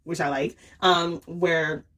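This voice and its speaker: A woman's voice: fairly low pitch, fairly even intonation, slow pace, a bit bright. A woman casually reviewing a comic series, chatty and full of fillers, often laughing and acting out quotes. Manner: chatty storytelling full of "um", "like" and "right?".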